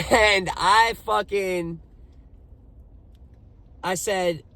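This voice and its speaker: A young man retells his own story casually, swearing a lot and hitting words with heavy emphasis in an animated way. His voice is high and creaky, he draws out his words, and there's no echo.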